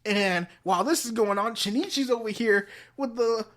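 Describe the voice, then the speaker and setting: A man's voice: high voice, normal speed, a bit bright. A man hosting a show, casually retelling a comic story in a slangy, rambling way. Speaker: podcast host.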